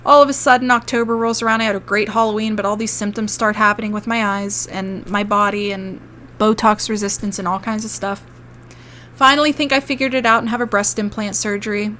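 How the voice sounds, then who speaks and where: A woman's voice: mid-range voice, fairly even intonation, fairly quick, pushed and bright. Young adult woman, ASMR creator, casual storytime vlog: emotional, rambling, cursing, faint room noise.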